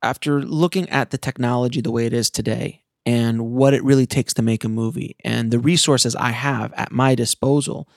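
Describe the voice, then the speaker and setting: Middle-aged male host, gravelly voice, earnest and impassioned, loose unscripted monologue. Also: mid-range voice, fairly even intonation, moderate pace, hardly any pauses, no room sound, studio quality. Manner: earnest and passionate, with frequent restarts. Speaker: filmmaker and podcast host. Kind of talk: casual monologue to listeners.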